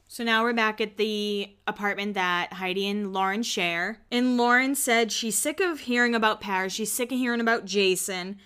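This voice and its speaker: A woman hosting a podcast, recapping reality TV in a chatty, snarky, animated way. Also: medium pitch, moderate pace, few pauses, smooth. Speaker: podcast host. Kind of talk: casual reality-TV recap chat.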